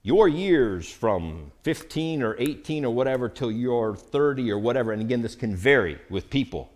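Lively preacher man with a wide-ranging voice. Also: mid-range voice, moderate pace, few pauses. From United States. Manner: animated, acts out Bible characters' lines. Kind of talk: sermon.

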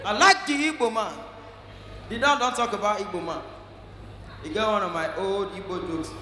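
Nigerian stand-up guy, high bright voice, big echoey hall. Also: moderate pace, a little hiss or hum. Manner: shifts between pidgin and English, acts out characters, shouts punchlines. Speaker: stand-up comedian. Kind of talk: live stand-up comedy. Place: large church hall, live audience. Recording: echoey hall, faint ambience.

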